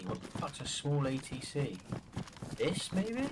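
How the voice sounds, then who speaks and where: A man in casual gaming chat with a teammate, muttering and thinking out loud as he plays. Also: on the high side, very animated, unhurried. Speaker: teammate in a survival game. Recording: noisy game stream audio.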